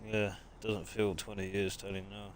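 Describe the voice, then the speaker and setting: A man's voice: fairly low pitch, flat delivery, brisk, slight background noise. A man, chatting casually with viewers on a live game stream and greeting them as mate. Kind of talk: live-stream chat while gaming.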